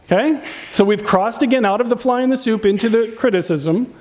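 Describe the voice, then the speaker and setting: Man, pastor, high voice, sermon, conversational, animated, asks the audience questions. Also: a little fast, a little hiss or hum. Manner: animated, acts out spouses' complaints in a raised voice.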